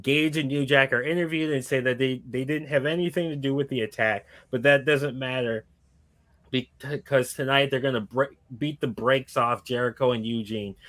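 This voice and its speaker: A man's voice: mid-range voice, fairly bright tone. A man co-hosting a podcast, casually recapping a wrestling storyline with lots of fillers and restarts. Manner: rambling, filler-heavy storytelling. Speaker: podcast co-host. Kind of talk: casual chat recapping a fantasy wrestling booking.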